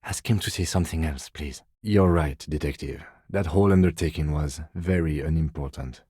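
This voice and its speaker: An actor playing a reserved, precise middle-aged police lieutenant in a video game, speaking in a measured, formal, dry way. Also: male voice, very deep voice, dark tone, breathy edge, no room sound. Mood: calm, formal. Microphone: close studio mic.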